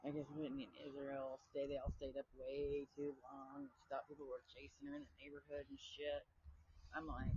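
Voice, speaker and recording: A man joining a casual podcast chat, joking loudly and cursing. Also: mid-range voice, a little fast, gravelly, noisy background. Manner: loud, joking, profane. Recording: dull lo-fi sound.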